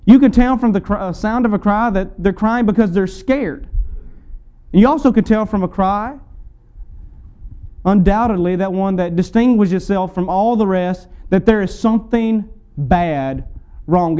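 Male pastor, sermon, emphatic repetition, high pitch, smooth resonant tone. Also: dark tone. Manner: preaching with rising fervor, emphatic repetition.

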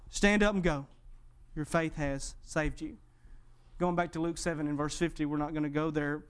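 A man preaching a sermon, with dramatic pauses and emphatic, expressive delivery. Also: fairly high pitch, smooth. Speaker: pastor.

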